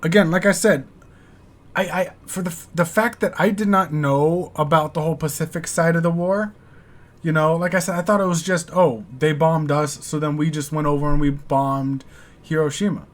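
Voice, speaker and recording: American guy rambling in a reaction vid, kinda high voice, cusses casually. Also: fairly even intonation, moderate pace. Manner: rambling, candid, swears casually. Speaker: reaction video host.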